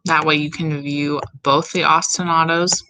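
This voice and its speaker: Slow-talking woman music teacher, low voice. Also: little pitch movement, sharp tone, slight background noise, low-quality recording. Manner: slow, step-by-step instructions. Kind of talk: recorded classroom tutorial.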